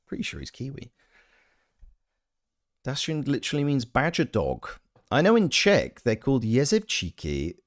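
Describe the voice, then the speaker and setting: A man chatting casually on a game stream, reading his chat aloud with playful, joking asides. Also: medium pitch. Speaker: gaming streamer and voice actor.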